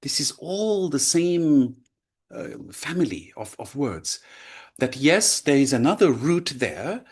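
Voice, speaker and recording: A man's voice: a little high, big pitch swings, takes it slowly, husky. A man teaching a lecture, explaining with frequent checks like "right?" and "yeah?". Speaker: language teacher.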